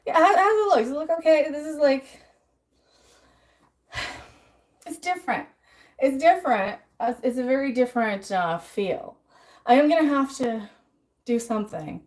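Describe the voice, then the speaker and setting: Hosting a casual cooking livestream, a woman with a high-pitched, animated voice talks at normal speed but leaves long pauses. She's chatty, responding to viewers and narrating each step to herself while she works, occasionally getting out of breath.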